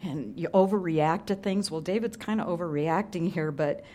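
Earnest, lower-voiced middle-aged woman preacher. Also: moderate pace, slight background noise. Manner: conversational, earnest, drops to hushed tones for emphasis. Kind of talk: sermon.

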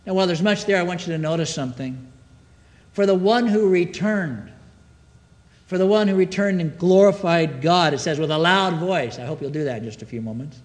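A man's voice: a little high, normal speed, long reverb tail. A man preaching a sermon to a congregation, reading scripture and asking the room call-and-response questions. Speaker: pastor. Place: church sanctuary.

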